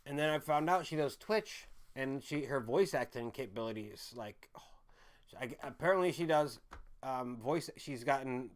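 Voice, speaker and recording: A man's voice: medium pitch, lively intonation, a little slow. Rambling apologetic young man streamer. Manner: rambling, repeats himself, apologetic. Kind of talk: casual rambling chat.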